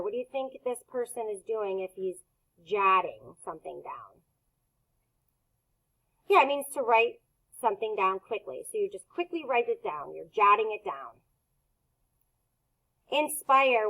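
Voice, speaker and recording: A woman teacher leading a recorded phonics lesson for young students, speaking slowly and clearly and pausing for answers. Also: a little high, fairly bright tone, rough recording.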